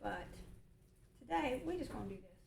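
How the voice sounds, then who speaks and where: A woman's voice: high voice, lively intonation, moderate pace, vocal fry, darkish tone, roomy sound, slight background noise, poor audio. A woman with a Southern US accent, hosting a cooking livestream from her home kitchen and chatting at length as she works. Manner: chatty and long-winded. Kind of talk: casual cooking demonstration. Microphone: movable mic near the stove.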